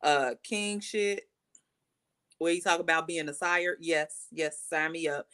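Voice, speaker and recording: Woman, podcast co-host, bright forceful tone, exuberant, swoops high when excited. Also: unhurried, smooth. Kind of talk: casual music review chat.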